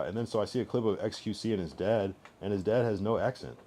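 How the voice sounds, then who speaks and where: A man's voice: on the low side, quick pace, dark tone, a little hiss or hum. A man streaming live, chatting casually and rambling through his thoughts with many restarts.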